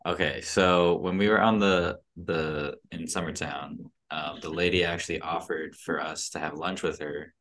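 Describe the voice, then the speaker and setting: A man casually recounting a trip, relaxed and full of fillers. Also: very deep voice, moderate pace, hardly any pauses. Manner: relaxed storytelling, many fillers. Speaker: podcast guest. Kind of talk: casual chat.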